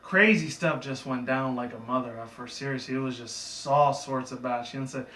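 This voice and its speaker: A man's voice: medium pitch, normal speed, hardly any pauses, sharp tone, recorded from a distance, a little hiss or hum. A man casually recapping a cartoon episode in a rambling, loose way, with profane asides. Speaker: reviewer. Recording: echoey room, away from the mic.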